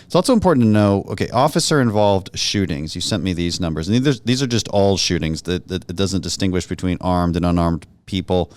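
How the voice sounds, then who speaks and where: Low-voiced man hosting a podcast. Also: brisk, hardly any pauses, no room sound. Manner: relaxed, joking, many fillers. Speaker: podcast host, congressman. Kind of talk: casual interview chat.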